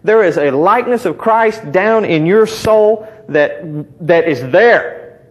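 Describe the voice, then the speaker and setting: A man's voice: high-pitched, expressive, slow pace. A middle-aged man preaching a sermon, talking conversationally and teasing the congregation with call-and-response. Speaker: pastor.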